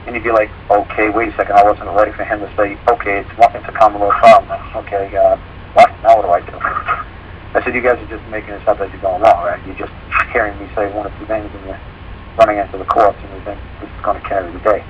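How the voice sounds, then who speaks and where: A man's voice: lowish voice, level tone, quick pace, lo-fi sound, a little hiss or hum. A man hosting a talk show, telling a rambling story in a casual way and acting out the quoted dialogue.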